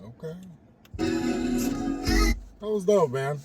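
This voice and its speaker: A man hosting a casual album reaction video, talking in a relaxed, rambling way and trailing off at the ends of sentences. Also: medium pitch, unhurried, over loud music. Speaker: music reaction host.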